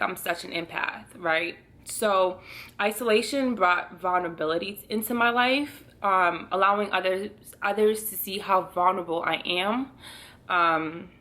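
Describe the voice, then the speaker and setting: A woman's voice: medium pitch, a bit bright. A woman in her twenties talking earnestly to her viewers in a casual faith vlog, laughing now and then. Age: 20s. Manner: earnest, speaks straight to viewers, often laughing. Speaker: vlogger.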